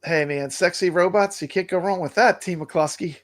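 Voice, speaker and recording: A man's voice: high-pitched, moderate pace. A man co-hosting a casual chat, talking in a chatty, enthusiastic way. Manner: chatty, enthusiastic, repeats names. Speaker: co-host.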